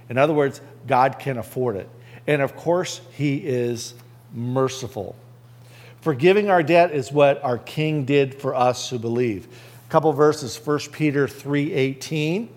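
A man's voice: medium pitch, darkish tone. A man as a pastor, preaching a conversational sermon and asking the listeners rhetorical questions.

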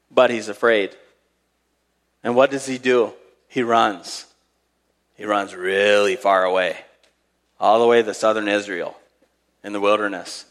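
A man's voice: on the low side, fairly even intonation, a little slow, long pauses, a bit bright, in a large hall. A man preaching a sermon, reading scripture aloud and retelling Bible stories in a conversational way with dramatic emphasis.

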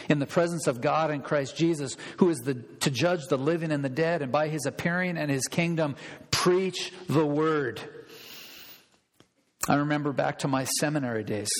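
Male pastor, sermon, emphatic, slightly high voice, long church reverb. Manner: emphatic, repeats key phrases for stress.

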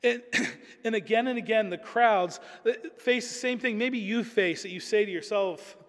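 A man's voice: sits high, normal speed, a bit bright, in a large hall. A man preaching a sermon in an earnest, emphatic way, often repeating words as he builds a point.

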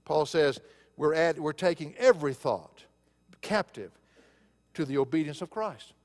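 A man's voice: a little high, animated, measured pace, big-room sound. A male pastor preaching a sermon, telling a personal story in a conversational way and rising to emphatic preaching.

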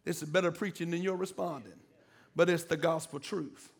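A middle-aged pastor preaching a sermon, calling out to the congregation and building to emphatic peaks. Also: male voice, a little high, steady tone, moderate pace, creaky, breathy edge. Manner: call-and-response preaching, rising to emphatic peaks.

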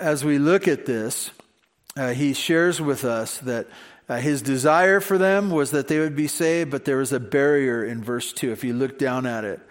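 A male pastor preaching a sermon in a conversational way, with rhetorical questions. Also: mid-range voice. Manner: conversational, many fillers and restarts, rhetorical questions.

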